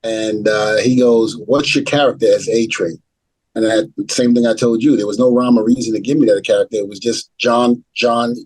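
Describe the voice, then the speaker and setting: A man's voice: medium pitch, darkish tone, breathy edge, no echo, low-quality recording. A middle-aged man, a retired wrestler being interviewed, telling a story and acting out the dialogue as he goes. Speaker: retired pro wrestler, guest.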